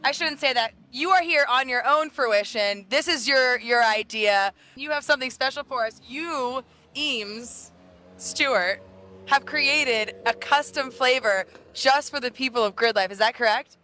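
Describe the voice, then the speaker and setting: A woman's voice: high-pitched, measured pace, pushed and bright. A woman reporting live from a race track paddock, upbeat and playful. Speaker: pit reporter. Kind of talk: casual live event segment.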